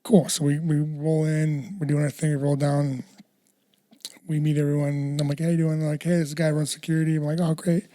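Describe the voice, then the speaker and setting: Guy on a podcast rattling off a story fast, acting out everyone's lines, mellow darker voice, swears a lot. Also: on the high side. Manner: animated anecdote teller, acts out quotes, swears freely. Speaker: podcast co-host. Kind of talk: casual chat, storytelling.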